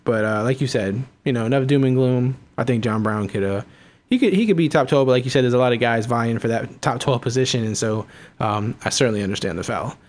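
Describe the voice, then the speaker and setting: A man's voice: mid-range voice, fast talker, darkish tone. A man hosting a casual fantasy football podcast, rambling with many fillers and restarts. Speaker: podcast host.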